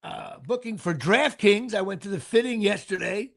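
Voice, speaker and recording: Gravelly, profane New host. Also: male voice, high-pitched, big pitch swings, moderate pace, a bit bright. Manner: rambling, profane, stammering repeats. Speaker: podcast host. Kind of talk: casual comedic chat.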